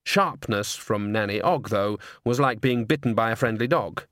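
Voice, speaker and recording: A man's voice: fairly low pitch, moderate pace, a bit bright, no room sound. A man reading an audiobook, narrating in a dry, wry storytelling manner on a close studio mic. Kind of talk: scripted narration.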